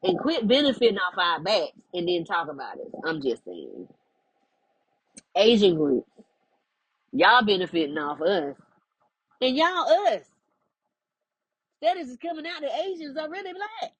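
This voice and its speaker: A woman's voice: mid-range voice, sing-song, unhurried, pauses often, breathy edge, dry recording, poor audio. A woman, speaking as a spiritual life coach in an emphatic, preachy monologue. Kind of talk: direct-to-camera monologue.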